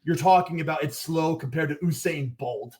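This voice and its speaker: A man's voice: fairly high pitch, moderate pace, darkish tone. Rambling man explaining his gear business. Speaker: gear brand owner, podcast guest. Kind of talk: casual podcast chat.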